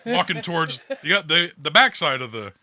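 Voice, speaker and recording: A man leads a tabletop game as the storyteller, narrating the scene in a loose, chatty way. His voice is very bright and a little high, and it sits close and dry with no room sound. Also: big pitch swings, normal speed, dry recording.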